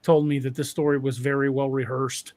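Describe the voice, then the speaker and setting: A man hosting a casual podcast conversation, halting and often restarting his sentences. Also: medium pitch, level tone, darkish tone, no room sound. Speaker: podcast host.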